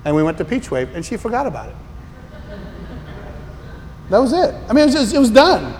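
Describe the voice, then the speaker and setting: A man preaching a sermon as a pastor, telling stories in an animated, incredulous way. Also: high-pitched, brisk, slight background noise. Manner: animated, incredulous storytelling with rising exclamations. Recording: long reverb of a large hall.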